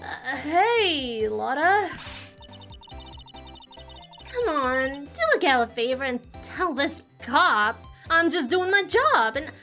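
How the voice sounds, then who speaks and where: A boisterous southern woman reporter, shouting about scoops, voiced by a woman. She talks big and brash, with a bright, sharp edge on every word. A faint bit of music hums behind. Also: high voice, big pitch swings, slow, pitched below the performer's own voice, full character voice. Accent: Southern US (put on). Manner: pushy, boisterous.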